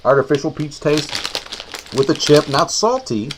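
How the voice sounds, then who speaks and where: Jokey male co-host, lively pitch. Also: normal speed, rough recording. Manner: jokey, rambling, trails off mid-sentence. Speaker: horror movie show co-host. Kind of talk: casual chat with snacks. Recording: faint background noise.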